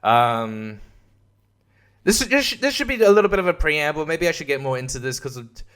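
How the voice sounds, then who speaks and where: A man's voice: fairly high pitch, sing-song, fairly quick, a bit bright, smooth. An Australian man hosting a podcast, ranting in a casual monologue that is profane and sarcastic, laughing often. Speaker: podcast host and comedian.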